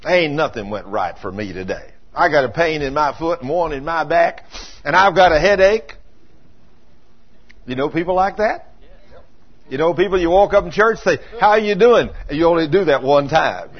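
Folksy preacher, lively voice. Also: male voice, a little high, muffled recording. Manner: folksy, conversational, acts out little scenes. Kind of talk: folksy sermon.

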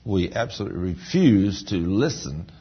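A pastor preaching a sermon in a folksy storytelling way, building up to emphatic points. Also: male voice, low-pitched, expressive, normal speed, breathy edge. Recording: dull lo-fi recording.

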